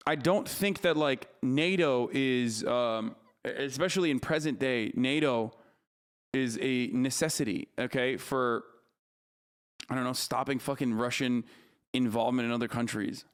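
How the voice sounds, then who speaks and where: A man's voice: medium pitch, a little slow, clean tone. A man in his thirties ranting profanely and mockingly as a livestream streamer reacting to content.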